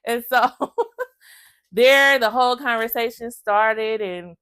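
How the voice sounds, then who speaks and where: A vlogger with a fairly high, clear, resonant voice speaks slowly as she shares her own story to camera, with no echo. Emotional, chatty and direct, she acts out other people's lines and calls her viewers "y'all."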